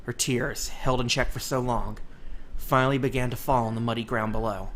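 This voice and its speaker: Bright-voiced male audiobook reader. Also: mid-range voice, normal speed, soft background music. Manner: steady storytelling narration. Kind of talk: reading a novel aloud.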